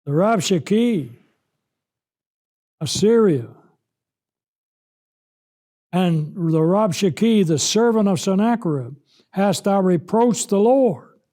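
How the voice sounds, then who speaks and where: A man with a high, mellow voice preaching slowly and emphatically through a Bible lesson. He leans hard on key words and swells louder when giving voice to the scripture. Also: expressive. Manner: slow, emphatic, rises loud when voicing God.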